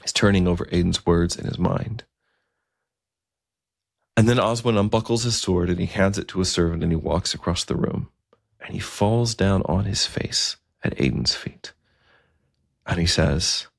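A man tells a historical story in a relaxed, conversational manner, with easy asides. His voice is very low, with a gravelly fry. The recording is close and dry. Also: moderate pace, no room sound.

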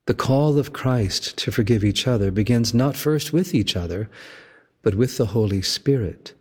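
A man delivering a sermon as a pastor, slow and measured with deliberate emphasis. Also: medium pitch, a little mellow, breathy edge, in a large hall.

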